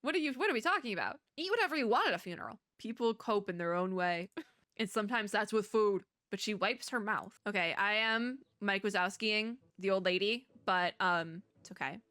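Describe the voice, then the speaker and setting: A woman's voice: mid-range voice, animated, fairly quick, fairly bright tone, no echo, studio quality. A woman with a strained throat reading a story game aloud and rambling through casual commentary with frequent laughs. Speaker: streamer playing a story game.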